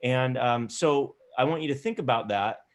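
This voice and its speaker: A man's voice: mid-range voice, normal speed. A man teaching an online improv class from his laptop, encouraging and rambling, often repeating himself. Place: home, on a video call.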